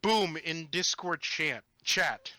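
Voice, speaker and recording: Bright forceful male voice, animated rambling storyteller, game master, dry close sound. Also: fairly high pitch, slow, no room sound. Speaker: podcast guest and game master. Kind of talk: casual storytelling chat.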